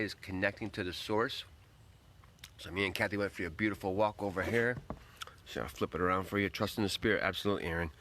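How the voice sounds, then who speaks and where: A man's voice: lowish voice, a bit bright, a little hiss or hum. A man hosting a casual livestream, greeting viewers by name and rambling upbeat while he eats. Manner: talks while eating. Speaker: livestream host.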